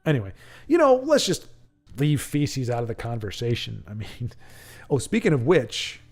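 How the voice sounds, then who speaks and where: A man's voice: mid-range voice, wildly swooping pitch, normal speed, darkish tone, soft background music. A man hosting a live stream in a rambling, chatty way, reading viewer chat aloud and laughing often. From United States. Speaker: stream host.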